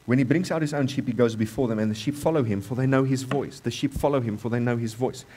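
A South African man delivers a sermon in a church with a mid-range voice. He repeats his key lines for emphasis and moves between loud, rising passages and quieter, lower ones. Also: fast, slightly rough. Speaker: pastor.

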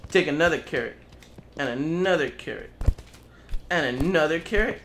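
A man's voice: a little high, moderate pace, pauses often, noisy background. A man giving casual gameplay commentary, playful and taunting, swearing as he speaks in character as a goose. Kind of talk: casual let's play commentary.

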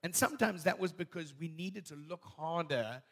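Pastor dad cutting in to explain, slightly high voice, restarts a bit. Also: male voice, moderate pace, a bit bright. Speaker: pastor and father. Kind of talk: adding context to a church talk.

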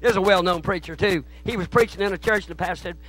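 A preacher with a high, sharp voice delivers his sermon in a church sanctuary. He tells his stories by dropping into hushed asides, then rising into loud, forceful shouting. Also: quick pace, no echo, soft background music, poor audio. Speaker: guest preacher.

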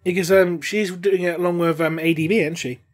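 A man's voice: high voice, steady tone. A man co-hosting a podcast, trading jokes and banter in casual chat. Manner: jokey, quick banter. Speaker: podcast co-host.

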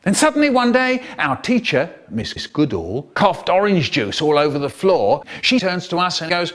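A man's voice: on the high side, very animated, normal speed, fairly bright tone. A man telling playful children's stories in a comedic spliced edit, acting out characters in different voices. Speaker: storyteller.

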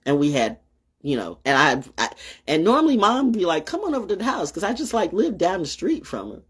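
An older woman with a low, husky voice that swings widely up and down. She hosts her own show and delivers a fiery, profane, confrontational rant. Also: very animated, a little fast. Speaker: show host. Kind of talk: ranting monologue.

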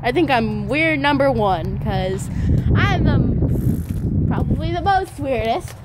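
A woman's voice: high voice, animated, takes it slowly. A woman vlogging casually to her viewers and her dog, playful and giggly, calling herself weird. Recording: noisy home video with wind.

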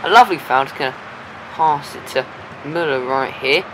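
A man giving live commentary as he plays a football video game, excitable, cheering and shouting at the game and swearing now and then. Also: a little high, normal speed, background noise.

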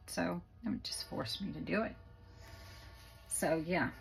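Chatty woman with a gravelly voice. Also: on the low side, takes it slowly, soft background music, rough recording. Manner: chatty, rambling, many fillers. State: out of breath. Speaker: craft channel host. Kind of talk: casual craft tutorial. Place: home craft room.

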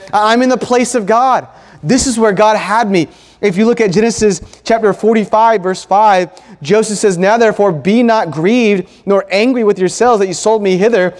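Earnest high-voiced male preacher in a church. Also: long reverb tail. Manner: earnest, emphatic, with pauses and repetition. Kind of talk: sermon. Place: church sanctuary.

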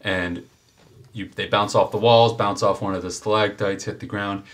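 A man narrating a tabletop game as game master, unhurried and thinking aloud with fillers. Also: fairly low pitch, fairly even intonation.

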